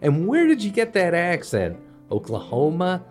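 A man's voice: high voice, huge pitch swings, moderate pace, faint music behind. A man telling a comedic story in a wry, self-deprecating way.

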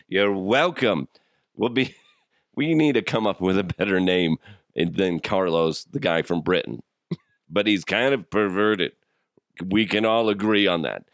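A man in his thirties with a sick, rough throat, hosting a solo podcast in jokey, crude casual chat and laughing often. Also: low voice, expressive, a little slow, dry recording, clean studio sound. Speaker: podcast host.

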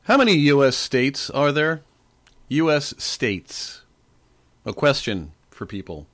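A man in his forties or older, slightly hoarse, hosting a casual trivia quiz podcast with a playful, joking manner. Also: medium pitch, sing-song, slow pace, fairly bright tone. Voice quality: playful, jokey. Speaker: podcast host. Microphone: desk microphone.

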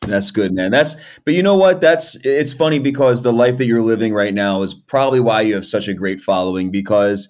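A man co-hosts a casual podcast interview and talks with the guest like an old friend. He sounds relaxed and chummy, swears offhandedly, and steers toward the wrap-up questions. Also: on the low side, fairly quick, hardly any pauses. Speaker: podcast co-host.

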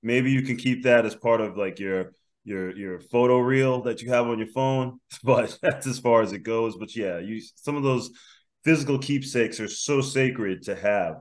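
A man hosting a casual podcast, upbeat and quick to laugh while asking his co-hosts questions. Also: medium pitch. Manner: upbeat, laughs easily, gives shout-outs. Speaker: podcast host.

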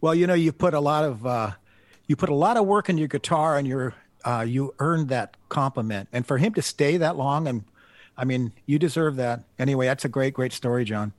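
A man's voice: mid-range voice, a little fast, dry recording. A man acting as guest interviewer, asking questions and affirming the host's story in a casual interview. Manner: warm affirming, brief backchannels.

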